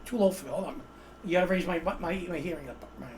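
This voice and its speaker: A man's voice: a little high, fast, slight background noise. A man hosting a casual political chat show over a video call, joking and rambling as he introduces his guest. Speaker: host.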